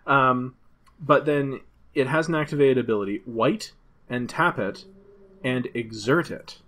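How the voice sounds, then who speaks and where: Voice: mid-range voice, measured pace, fairly bright tone. A podcast co-host in casual chat who thinks aloud, with frequent fillers and restarts. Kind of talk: casual podcast chat about a card game.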